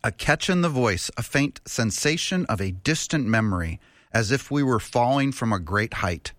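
A man's voice: mid-range voice, lively intonation, moderate pace, fairly bright tone, no echo, close to an everyday voice. A man doing a solemn, awed astronomer.

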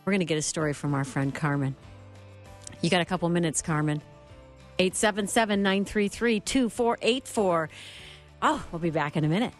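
A woman's voice: fairly low pitch, normal speed, faint music behind. A woman hosting a live radio call-in show, upbeat and encouraging with callers.

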